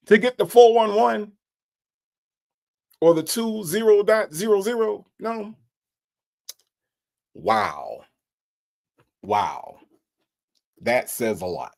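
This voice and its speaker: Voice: mid-range voice, creaky, darkish tone. A livestream host giving mocking, incredulous commentary and reading out viewers' super chats.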